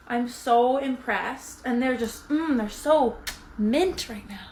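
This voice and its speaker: A young woman in a vlog who gushes with breathless excitement, gasping as she unboxes. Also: a little high, a little slow, roomy sound. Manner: gushing, breathless excitement with gasps. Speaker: influencer.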